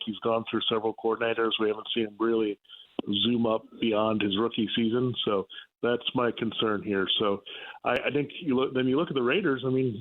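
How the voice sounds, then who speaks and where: A man calling in as a guest on a sports radio show, answering in a measured, analytical way. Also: fairly low pitch. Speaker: NFL writer and guest. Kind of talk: phone-in radio interview. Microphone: phone. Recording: tinny phone line.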